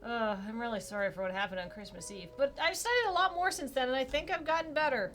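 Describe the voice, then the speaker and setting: A woman's voice: high voice, fast talker, fairly bright tone. A woman voicing an earnest young female apprentice magician, speaking sincerely and hopefully.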